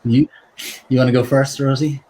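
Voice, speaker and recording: A man's voice: mid-range voice, steady tone, normal speed, dark tone. A man, a biographer and guest, telling a story in a casual, self-deprecating, joking way.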